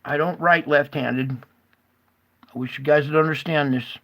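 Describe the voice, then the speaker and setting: A man giving rambling, casual reaction commentary with many fillers and pauses. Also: on the high side, steady tone, fairly bright tone. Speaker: commentary host.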